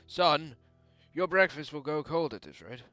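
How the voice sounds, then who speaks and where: A man's voice: fairly high pitch, lively intonation, unhurried, sharp tone, dry recording, faint music behind. A man voicing a jovial middle-aged father with a hearty, theatrical put-on accent.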